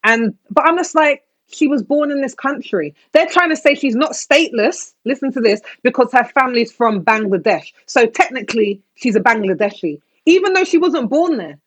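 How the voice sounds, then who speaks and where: Give me a British woman making a heated argument on a podcast, pitched a bit high. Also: expressive, normal speed, few pauses, a bit bright. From Britain. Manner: impassioned, talks herself onto a soapbox. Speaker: podcast co-host. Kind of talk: casual panel discussion.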